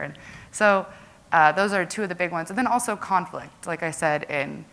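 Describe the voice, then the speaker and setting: A woman's voice: deep voice, brisk, fairly bright tone, slight background noise. A young woman giving a casual conference presentation to a live audience, chatty and full of "like" and "um". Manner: chatty, lots of "like" and "um" fillers.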